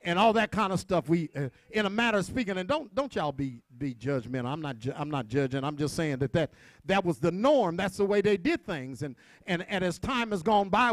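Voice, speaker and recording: High-voiced preacher swinging loud to hushed. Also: male voice, animated, brisk, no echo. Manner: call-and-response preaching, swings from shouting to hushed asides. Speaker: pastor. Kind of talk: sermon.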